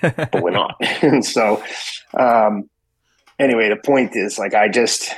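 A man's voice: on the low side, slow pace, husky, no room sound, poor audio. A man in his fifties from Boston, a guest telling stories with swearing, acting out both sides of his conversations. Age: 50s. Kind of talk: animated storytelling.

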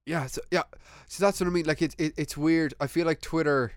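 A young man chatting casually as a podcast host, animated and swearing, acting out text messages. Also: fairly high pitch, brisk, smooth, no room sound, clean studio sound. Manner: animated, swearing, acts out texts. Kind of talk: casual chat.

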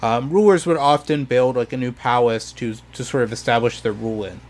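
A man's voice: mid-range voice, fairly quick. A man explaining history on a podcast in a hesitant, casual way, full of ums and restarts. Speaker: history presenter.

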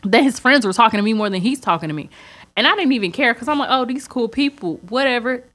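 On a casual podcast, a young female co-host tells a fast-paced dating story in a slightly high voice. She's lively and voices the quoted dialogue of everyone involved.

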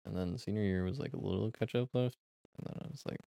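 A young man co-hosting a podcast, chatting casually and reacting quickly to his friends. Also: fairly low pitch, gravelly, warm tone, no room sound. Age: young adult. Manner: quick reactions, laughs along. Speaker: podcast co-host. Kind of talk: casual chat.

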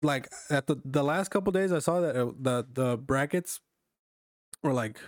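Young guy, casual chat, loose profane storytelling, dry room, mid pitch. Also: normal speed, no room sound. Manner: rambling, profane, filler-heavy storytelling. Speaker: storyteller among friends.

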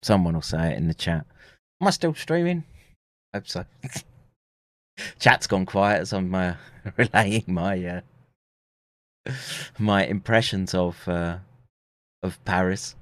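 A man's voice: deep voice, lively intonation, slow, pauses often, fairly bright tone, no room sound, studio quality. A middle-aged man live streaming, telling a story in casual, rambling speech full of swearing and restarts. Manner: profane, rambling, many restarts.

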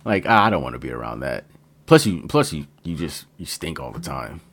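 A man's voice: extremely low pitch, very animated, brisk, a bit bright. A man co-hosting a casual podcast, playful and swearing freely, with mock-dramatic announcer flourishes. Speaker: podcast co-host.

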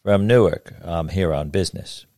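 A man voicing a calm, proud businessman from out of town who speaks in short, measured lines. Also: sits low, no room sound, clean studio sound.

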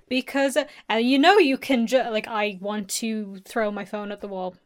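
A woman's voice: fairly high pitch, moderate pace, few pauses. A woman who is a podcast guest in a casual chat, with dry, blunt humour.

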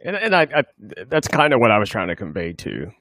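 A man's voice: fairly low pitch, wildly swooping pitch, a little fast, a bit bright, dry recording, studio quality. A man hosting a casual political podcast chat, earnest and agreeable.

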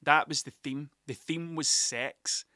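Bright, sweary Scottish storyteller man. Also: a little high, fairly even intonation, slow pace, dry recording, clean studio sound. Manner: sweary, rambling, laughs at himself. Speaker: musician telling stories. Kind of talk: casual storytelling monologue.

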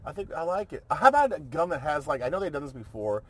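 A man's voice: on the high side, very animated, fast. A man chatting casually as a co-host, rambling and joking, often trailing off and restarting. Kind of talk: casual chat.

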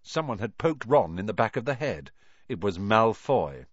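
A man reading a storybook aloud as narrator, in an expressive, animated way. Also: lowish voice, moderate pace, breathy edge, no room sound, highs cut off. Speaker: audiobook reader.

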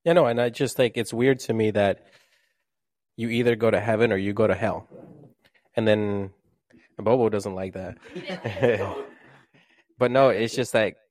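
A man co-hosting a podcast, thinking out loud and building hypothetical cases in a casual debate. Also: lowish voice, measured pace, long pauses, no room sound, clean studio sound. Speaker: podcast co-host.

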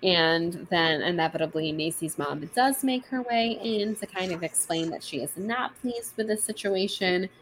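A woman's voice: fairly low pitch, moderate pace, few pauses, a little hiss or hum. Chatty woman retelling a novel. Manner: chatty, lots of "like" and quoted dialogue. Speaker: podcast co-host. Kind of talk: casual book-club chat, retelling a novel.

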